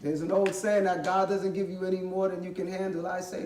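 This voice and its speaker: Animated man telling a story. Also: sits high, brisk, hardly any pauses, slight background noise. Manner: animated, conversational, uses street slang. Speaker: guest speaker. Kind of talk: motivational storytelling talk. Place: college library event room. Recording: echoey hall from far off.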